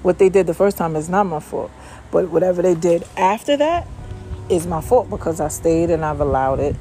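Woman, lowish pitch, mellow warm tone, blunt casual motivational talk, swears freely, outdoor porch, faint background music. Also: animated, moderate pace. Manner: blunt, profane, loose and chatty. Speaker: vlogger. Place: outdoors on a home porch by water.

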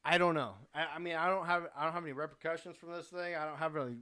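Young male podcast host, slightly higher voice, loose and profane storyteller who laughs through his own tale. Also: fairly even intonation, very fast, sharp tone, clear, resonant tone. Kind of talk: casual storytelling.

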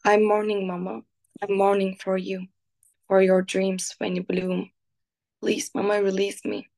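A woman reading her own poem slowly and softly, then chatting casually. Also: medium pitch, little pitch movement, vocal fry. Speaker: guest poet. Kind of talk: casual chat and poetry reading.

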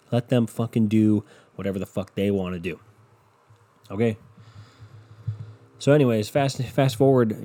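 A man with a fairly low, dark-toned voice hosts a casual solo podcast, rambling, swearing, and putting himself down, all with a runny nose. He speaks into a podcast microphone.

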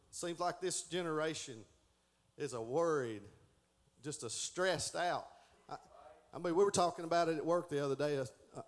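A middle-aged man giving a folksy Sunday school lesson, stumbling and restarting as he reads aloud. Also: on the high side.

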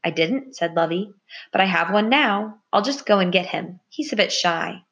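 A woman voicing a small, bold young female mouse who talks in a bossy, cheerful, high chirpy way. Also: lively intonation, moderate pace, a bit bright.

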